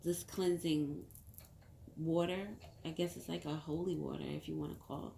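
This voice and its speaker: A middle-aged woman with a fairly low voice talks at length into the camera, rambling and heartfelt, sometimes close to tears. The sound is roomy with a slight echo, and a faint hum sits behind her. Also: steady tone, moderate pace, vocal fry, warm tone. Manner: rambling, heartfelt, tearful at times. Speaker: tarot reader. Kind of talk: casual monologue to camera. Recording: echoey room, faint background hum.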